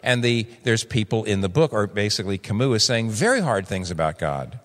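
Older male pastor, 60s, lively expressive sermon delivery, long hall reverb. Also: fairly quick. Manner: animated, acts out quoted voices with big pitch jumps.

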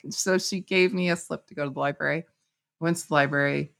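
A middle-aged woman telling personal stories in conversation, lively, acting out what people said. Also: low voice, a little fast, gravelly. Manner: animated, acts out quoted speech. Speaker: guest author. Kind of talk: conversational storytelling.

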